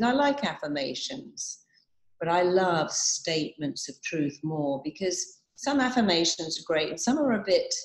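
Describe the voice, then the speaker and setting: A woman with a fairly low voice speaks in a motivational talk, moving from one client story to the next and repeating short affirmations. Her voice carries a noticeable room echo.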